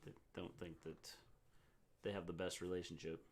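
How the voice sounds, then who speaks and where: A middle-aged man co-hosting a casual livestream recap, thinking aloud in halting, restarted sentences. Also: deep voice, little pitch movement, darkish tone, a little hiss or hum. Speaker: co-host, wrestling recap.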